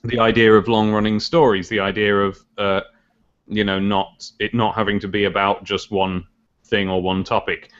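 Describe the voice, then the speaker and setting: A man's voice: fairly low pitch, flat delivery, normal speed, fairly bright tone. A British man chatting on a podcast, musing aloud and hedging his opinions. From United Kingdom. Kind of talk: casual chat. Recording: dull lo-fi podcast recording.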